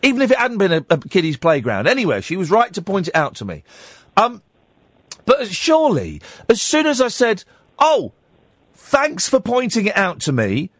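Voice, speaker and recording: A man's voice: high-pitched, huge pitch swings, normal speed, no echo. A male radio host, telling a story on a call-in show and acting out both sides of an argument. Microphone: studio mic.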